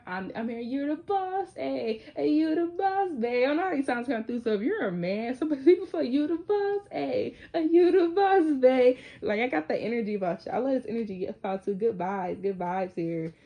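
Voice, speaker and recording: Mellow-voiced young woman doing a tarot reading. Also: a little high. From Michigan, US. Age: 20s. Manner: chatty and loose, slangy, sings snatches of lyrics. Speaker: tarot reader.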